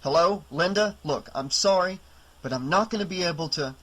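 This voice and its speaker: A man's voice: high voice, normal speed, bright, forceful tone, low-quality recording. A man reading an audiobook, voicing a tired, kindly middle-aged male doctor who talks plainly and reluctantly. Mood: weary.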